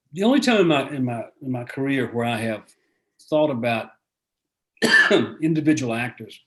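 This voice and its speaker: An older man talks as a guest author over a video call. His folksy, rambling speech is full of restarts, and his voice sits in a middle pitch. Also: fairly bright tone. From American South.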